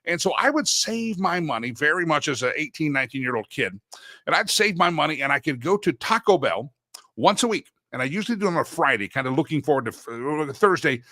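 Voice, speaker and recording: A man's voice: a little high, very animated, a little fast, sharp tone, no room sound, studio quality. A middle-aged man hosting a talk show, telling rambling personal stories and often correcting himself mid-sentence. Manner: rambling, anecdotal, self-correcting. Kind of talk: casual talk show monologue.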